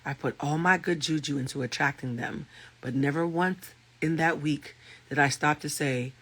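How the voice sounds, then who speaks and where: A man with a thick, raspy voice speaks with a bright, cutting edge, pitched a little on the high side. He is a life coach and tarot reader talking casually to his livestream audience. He tells his stories with animation and swears freely. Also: fairly even intonation, normal speed. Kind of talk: casual livestream talk to viewers.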